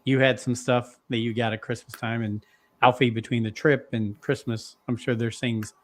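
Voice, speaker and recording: A man's voice: medium pitch, level tone, moderate pace. A man hosting a podcast and welcoming his co-hosts in casual chat. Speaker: podcast host.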